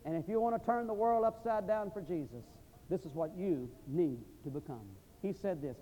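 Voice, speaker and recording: An American man preaching at a seminary chapel, telling a mission story and praying with emphatic swings from loud to hushed. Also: high voice, moderate pace, hardly any pauses. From United States. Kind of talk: sermon with storytelling and prayer. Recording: long reverb of a large hall.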